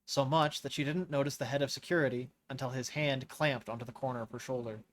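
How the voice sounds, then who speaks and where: Man reading a novel aloud, live stream, measured narration, mid-pitched voice. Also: steady tone, slight background noise. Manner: measured, rereads stumbled lines.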